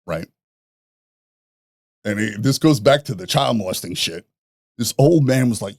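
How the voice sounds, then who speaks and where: Gravelly, profane New man telling stories. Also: on the low side, a little slow, pauses often, no room sound, clean studio sound. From New York. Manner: profane, animated storyteller who laughs at his own stories. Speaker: podcast guest. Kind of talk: casual storytelling.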